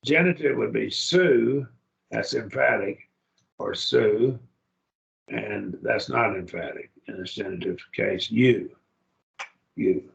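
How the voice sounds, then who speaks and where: Slow, gravelly male Greek teacher, lo-fi classroom recording. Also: on the low side. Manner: slow, repeats words aloud to model pronunciation. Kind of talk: classroom lecture. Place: church classroom.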